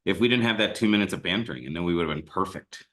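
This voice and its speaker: A man's voice: low-pitched, racing, fairly bright tone. A man co-hosting a sales talk in a casual, agreeing way, laughing easily. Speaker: co-host. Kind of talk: casual chat.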